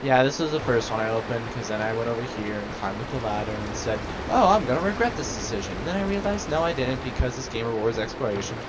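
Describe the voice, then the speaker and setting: A young man giving joking, rambling commentary as he plays a video game, dropping to mumbles and then bursting into loud rants. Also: medium pitch, fast, few pauses. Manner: rambling, jokey, swings from mumbling to loud outbursts. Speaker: gaming channel host. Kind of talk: Let's Play commentary. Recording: loud background noise.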